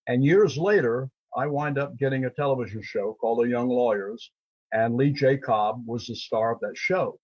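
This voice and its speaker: An older man, a character actor, tells rambling anecdotes on a radio show, acting out the voices of people he met. His voice is husky and medium-pitched at a moderate pace, heard over a dull lo-fi line with no echo.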